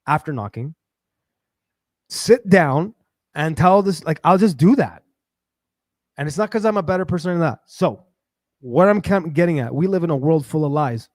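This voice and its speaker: Animated rambling man on a livestream. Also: high voice, no room sound, studio quality. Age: adult with a daughter. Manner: animated, rambling, many fillers and restarts. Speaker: livestream host. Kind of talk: casual livestream monologue.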